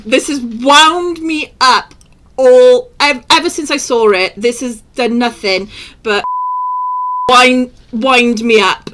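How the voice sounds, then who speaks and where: A woman on a podcast, worked up and exasperated as she tears into a topic. Her voice is high and bright, swinging widely in pitch, while she takes her time with each point. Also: slow pace. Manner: fired-up, exasperated, breaks into disbelieving laughter. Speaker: podcast co-host. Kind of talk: heated opinion rant on a chat podcast. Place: studio for a live-streamed podcast.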